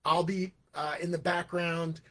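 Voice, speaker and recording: A man's voice: fairly high pitch, flat delivery, a little slow, a bit bright. A man, a teacher by trade, talking casually on a livestream, rambling and repeating words as he works out his point, now and then mimicking voices for examples. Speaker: host, educator. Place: lives in Hong Kong.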